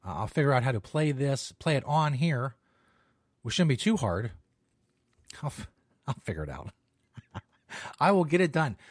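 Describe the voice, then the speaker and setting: A man hosts a comedic podcast in a crude, offhand, joking manner. His voice sits at an ordinary pitch and is recorded close and dry, with no room sound. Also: very animated, normal speed, long pauses, no room sound. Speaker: podcast host. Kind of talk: casual comedic podcast talk.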